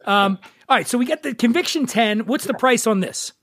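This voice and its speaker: Brief: male podcast host with a Philly accent, high voice, jokey and profane. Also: animated, brisk, a bit bright. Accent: Philadelphia. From Philadelphia. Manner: joking, profane, self-mocking. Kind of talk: casual chat.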